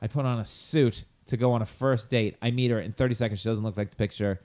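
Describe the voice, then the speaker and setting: A man with a Long Island accent, a podcast host telling funny dating stories in casual chat. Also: on the low side. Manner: animated, jokey, quick asides. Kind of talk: casual comedic storytelling.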